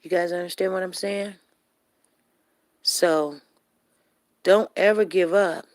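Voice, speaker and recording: A woman's voice: on the low side, steady tone, slow, a little mellow, no echo, clean studio sound. A woman vlogging at home into her phone, a little out of breath after a walk, chatting casually to her viewers. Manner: chatty, addresses viewers directly, talks to her dog. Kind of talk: casual live-stream chat while walking home. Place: at home, indoors.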